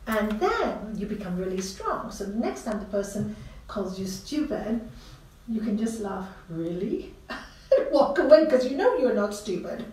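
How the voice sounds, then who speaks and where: A woman's voice: mid-range voice, sing-song, a little slow, dark tone. A middle-aged woman from India who teaches spirituality, giving an informal talk full of stories and rhetorical questions. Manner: storytelling, rhetorical questions, frequent laughter. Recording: echoey room, distant mic, faint hiss.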